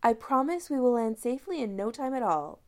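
Woman doing perky British charmer: high, bubbly, persuasive. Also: big pitch swings, normal speed, darkish tone. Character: perky posh British woman, smooth talker.

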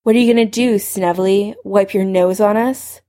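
A woman's voice: mid-range voice, fairly even intonation, normal speed, dark tone, lightly acted. A woman voicing a cocky teenage wizard who mocks his rival with a cool sneer, in a story reading.

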